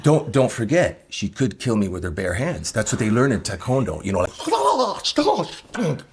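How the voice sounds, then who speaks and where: Husky-voiced joking man. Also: lowish voice, expressive, moderate pace, darkish tone. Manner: joking, teasing banter. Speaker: reality show contestant. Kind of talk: candid interview storytelling.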